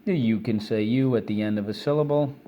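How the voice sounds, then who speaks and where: Teaching an online reading lesson for kids, a man drills phonics and vocabulary briskly and repetitively, prompting the listeners and offering praise. His voice is on the low side and warm, with a faint hiss or hum in the recording.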